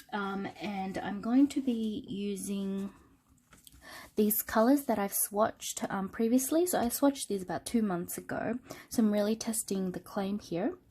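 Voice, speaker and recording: A woman with a cold and a nasal voice, casually reviewing an art product in an unscripted smartphone video and thinking aloud with many pauses as she works. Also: mid-range voice. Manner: relaxed, thinking aloud with many ums while working. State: sick with a cold. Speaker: art channel host.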